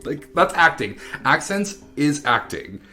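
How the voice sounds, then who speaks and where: A man's voice: a little high, sing-song, a little slow, sharp tone, soft background music. A man co-hosting a casual movie review podcast, teasing his co-host and laughing often.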